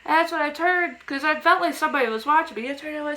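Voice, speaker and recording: A young woman vlogger with a high-pitched, sharp voice talks fast as she casually tells a personal ghost story to the camera. She acts out quotes in a raised, childlike voice, and the recording is rough.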